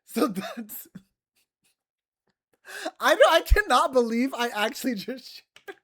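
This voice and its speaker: A woman co-hosting a casual podcast, telling a story in a candid, profane way and pitching in as the show's host. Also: big pitch swings, takes it slowly, fairly bright tone. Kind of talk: casual chat.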